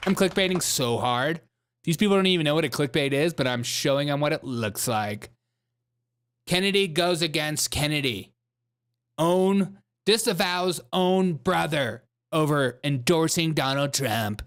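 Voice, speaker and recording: A man's voice: fairly high pitch, a little slow, a bit bright, clear, resonant tone. A man hosting a show, mocking political clips with sarcastic, laughing commentary. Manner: sarcastic, laughing, jumps between voices. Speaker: show host.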